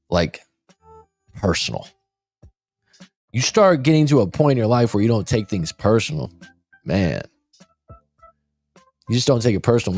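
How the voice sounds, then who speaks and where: Blunt, low-voiced male life coach. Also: a little mellow. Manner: blunt, swears freely, conversational. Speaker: life coach and show host. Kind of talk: casual podcast talk.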